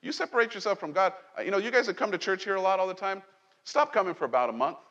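A man pastor delivers a loose, conversational sermon in a slightly high voice, joking and asking the congregation questions. The sound is dull and muffled, and it rings with a long reverb in a big church hall. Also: very fast. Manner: conversational, animated preaching with jokes and asides. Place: church sanctuary.

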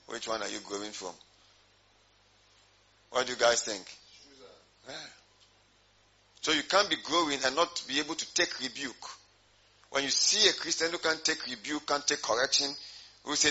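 A man's voice: medium pitch, moderate pace, pauses often, pushed and bright, breathy edge, dull audio. A man preaching a sermon as pastor, repeating his points and putting questions to the congregation.

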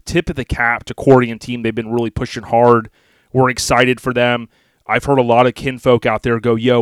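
A man's voice: mid-range voice, fairly bright tone, no echo. A man co-hosting a casual podcast, talking in a laid-back, rambling, folksy way. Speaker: podcast co-host.

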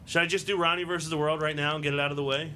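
A man hosting a casual wrestling podcast, chatty and quick to laugh. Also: fairly high pitch, flat delivery, sharp tone. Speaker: podcast host.

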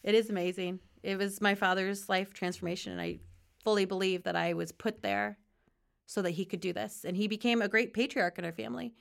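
A woman's voice: medium pitch, fairly even intonation, brisk, vocal fry. A woman guest on a faith talk show telling her personal testimony in an earnest, conversational way, often laughing and acting out quoted dialogue.

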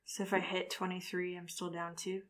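A woman's voice: fairly low pitch, completely flat delivery, brisk, fairly bright tone. A woman chatting at the gaming table, plain-voiced and casual, with a dry, wry edge to her remarks. Nothing showy, just everyday table talk. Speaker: player. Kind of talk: casual game chat.

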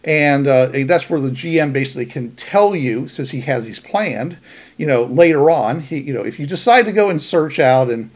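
A man's voice: fairly high pitch, lively intonation, moderate pace. A man co-hosting a casual podcast, thinking aloud as he runs through a list of ideas. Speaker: podcast co-host.

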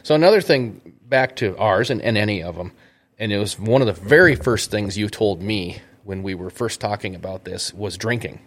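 A man's voice: on the low side, normal speed. A man hosting an interview podcast in casual chat, rambling and thinking aloud with restarts and chuckles. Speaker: podcast host.

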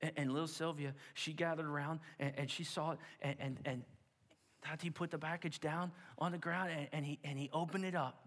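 A man preaching, telling a story dramatically with repeated words and hushed asides. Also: fairly high pitch, fairly even intonation, brisk. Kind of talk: sermon storytelling. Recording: long hall reverb.

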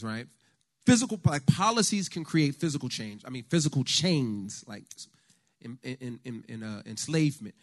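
Animated American man preaching on faith and politics. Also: medium pitch. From United States. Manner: animated storyteller, conversational with the audience. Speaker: speaker at a church lunch talk. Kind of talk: faith-based talk on politics. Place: talk to a live audience.

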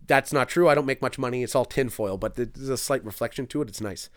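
A man's voice: mid-range voice, quick pace, clear, resonant tone. A young man from Canada hosting a podcast live stream, chatting casually through comments with crude, self-mocking jokes. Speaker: podcast host.

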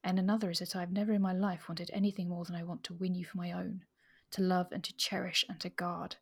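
A woman reading aloud as a blunt, ardent middle-aged male suitor, in a hushed low-key voice. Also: level tone, fast, creaky, husky.

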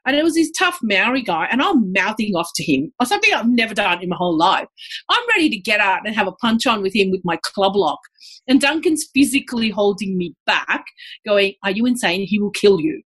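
An Australian woman telling her story as a podcast guest in a casual, animated way, with lots of fillers. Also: mid-range voice, fairly quick, breathy edge. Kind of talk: casual conversational interview.

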